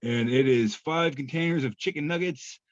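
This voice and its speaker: A man's voice: on the high side, moderate pace, dry recording. A man co-hosting a podcast, reading memes aloud in a laid-back, chuckling, self-deprecating way. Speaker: podcast co-host. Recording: slightly muffled dry podcast audio.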